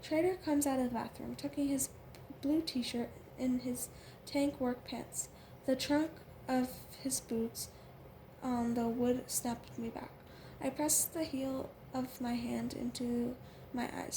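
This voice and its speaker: High-voiced woman reading haltingly. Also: little pitch movement, mellow, slight background noise. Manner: halting, with frequent fillers and restarts. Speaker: audiobook reader. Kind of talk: first-person novel narration.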